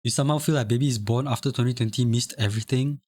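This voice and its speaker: A man's voice: mid-range voice, fast talker, darkish tone, no echo, clean studio sound. A young man from Singapore chatting casually on a live stream, reading chat aloud, rambling and repeating himself. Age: young adult. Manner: rambling, repeats phrases, chuckles often.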